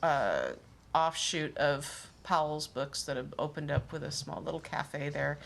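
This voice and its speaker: A woman's voice: low voice, measured pace, creaky, a bit bright. A woman narrating a tabletop role-playing scene as game master, casual and full of fillers. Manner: casual, hesitant, many fillers.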